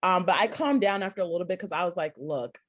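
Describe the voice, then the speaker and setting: A woman co-hosting a casual panel chat, telling a lively story, acting out quotes and laughing often between lines. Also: fairly low pitch, quick pace. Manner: lively storyteller who acts out quotes, heavy "like"; laughs often while talking. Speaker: podcast co-host.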